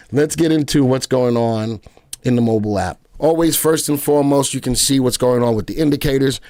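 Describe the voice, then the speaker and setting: A man's voice: mid-range voice, a little fast, darkish tone, no echo. A man hosting a live stream, chatting with viewers in a playful way and often stammering and repeating himself. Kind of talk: casual live market chat.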